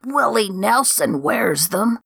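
Woman putting on a gravelly mouthy young drifter guy. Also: on the high side, lively intonation, slow pace, fairly bright tone, no echo, clean studio sound, pitched above the performer's own voice, exaggerated voice. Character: young stoned male drifter, mouthy and jumpy.

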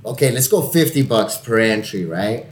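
A man's voice: on the low side, moderate pace, echoey room. A man co-hosting a podcast in casual, profane banter, whose first language is Spanish. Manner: profane, animated storyteller. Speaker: podcast co-host.

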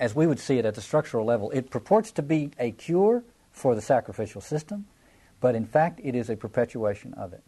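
A man's voice: mid-range voice, dark tone, slightly rough. A man teaching a Bible passage in a reflective lecture, often restarting phrases and repeating words as he explains.

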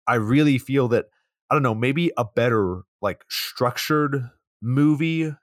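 A man's voice: medium pitch, expressive, moderate pace, dry recording, studio quality. A man co-hosting a podcast, casually summarizing a movie's plot scene by scene and swearing now and then. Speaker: podcast co-host. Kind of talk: casual movie recap chat.

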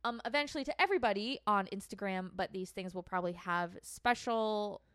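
A young woman chats casually as a podcast co-host in a bright, crisp voice. She sounds bubbly and teasing and is quick to laugh. The recording is close and dry. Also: medium pitch, no room sound. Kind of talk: casual chat.

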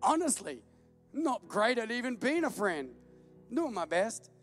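A man preaching with a very high, light voice, joking about himself and breaking into laughter as he tells stories. Faint music sits under his sermon. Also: measured pace. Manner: self-deprecating, animated storytelling with laughs. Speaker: pastor. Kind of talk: humorous sermon.

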